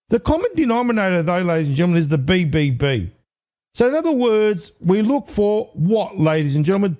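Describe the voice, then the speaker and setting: An excitable man with a fairly high voice, hosting a casual online commentary. He counts aloud, stumbles, and corrects himself, and he calls out to his viewers as ladies and gentlemen. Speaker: online video host.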